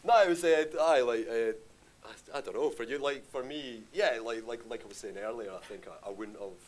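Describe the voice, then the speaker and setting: A man's voice: medium pitch, fairly quick, a little hiss or hum. A man, a film director at a live Q&A, rambling through his answers with lots of fillers. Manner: rambling, filler-heavy, says aye often. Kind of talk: live Q&A conversation. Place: live stage event.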